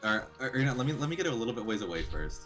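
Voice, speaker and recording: A man's voice: medium pitch, very animated, racing, a bit bright, soft background music. A man playing a tabletop game, asking questions and describing his moves in a casual way. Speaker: player.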